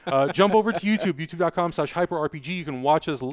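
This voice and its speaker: A man hosting a casual podcast chat, talking quickly and energetically as he plugs the show. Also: a little high, dry recording. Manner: fast, energetic plugging. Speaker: podcast host.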